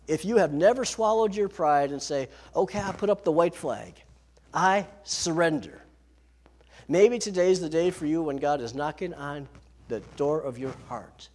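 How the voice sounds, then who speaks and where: Lively preaching man, lilt. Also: a little high. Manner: lively preaching, slows for emphasis. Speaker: pastor. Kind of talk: sermon.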